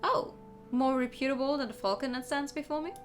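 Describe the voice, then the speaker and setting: A woman's voice: high-pitched, brisk, soft background music, voice pushed up, lightly acted. Woman reading as suave fox detective Vulpes. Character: suave male fox private investigator.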